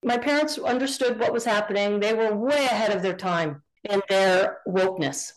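A woman's voice: mid-range voice, normal speed, poor audio. A middle-aged woman, a guest on an interview show, telling family stories casually and acting out the dialogue. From Northern California. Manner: animated storyteller, acts out quoted dialogue. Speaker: guest, contractor.

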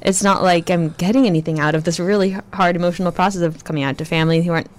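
Halting trans man telling personal stories. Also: sits high, fairly even intonation. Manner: halting, self-correcting, restarts words. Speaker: guest. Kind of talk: personal storytelling in conversation.

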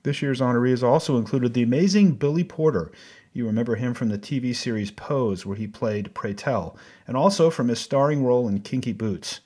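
Male host, scripted news narration, warm admiring read. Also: medium pitch, brisk, slightly rough, faint music behind.

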